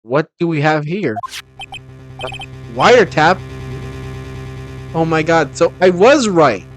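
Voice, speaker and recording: A man's voice: on the high side, expressive, unhurried. A man giving casual let's-play commentary, hesitant and full of ums. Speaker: gamer. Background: video game music.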